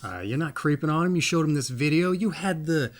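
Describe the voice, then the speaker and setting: A man's voice: on the high side, animated, fairly quick. A man hosting a birthday reading show in a casual, rambling, folksy way. He makes playful asides and keeps coming back to a catchphrase as he reads from a book. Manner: rambling, folksy, often says "that's right". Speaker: host of a birthday reading channel.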